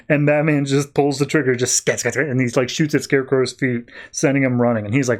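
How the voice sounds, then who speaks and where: A man hosting a podcast, recapping comic books as quick, enthusiastic storytelling. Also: medium pitch. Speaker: podcast host. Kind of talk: casual comic book recap.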